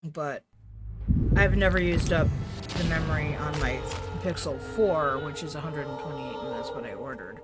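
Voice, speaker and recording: Chatty woman streamer over cello music. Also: low voice. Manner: rambling, chatty asides. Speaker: game streamer. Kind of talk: casual live-stream chat. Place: at home with a dog. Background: game music with cello and violin.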